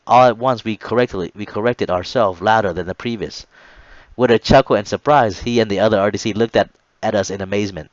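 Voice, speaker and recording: A man's voice: on the low side, brisk, no room sound, highs cut off. A man in his late thirties reading his own memoir chapter aloud, earnest, with small stumbles and restarts.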